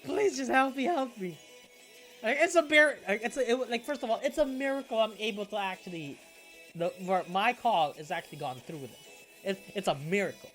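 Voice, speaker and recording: A man's voice: high-pitched, brisk, fairly bright tone, faint music behind. A young man casually telling a story, swearing a lot and restarting his sentences. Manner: swearing freely, rambling with restarts.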